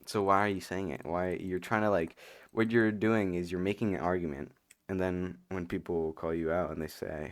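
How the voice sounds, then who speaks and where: A man's voice: low voice, fairly even intonation, moderate pace, no room sound, studio quality. A man hosting a casual reaction commentary, rambling and sarcastic, with lots of "like" and "you know". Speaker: commentary host.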